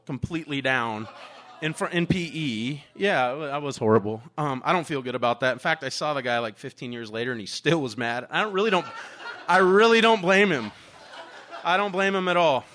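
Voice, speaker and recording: A man with a bright, forceful voice sitting a little high for a man tells a story from his own life. He is candid and animated, swears without a second thought and laughs along the way. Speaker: teacher telling a personal story. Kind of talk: personal storytelling monologue.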